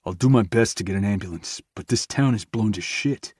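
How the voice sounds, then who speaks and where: A man's voice: fairly low pitch, a little fast, a little mellow, slightly rough, no echo, studio quality. A man voicing a worried young male friend who talks urgently and tries to reassure. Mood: reassuring.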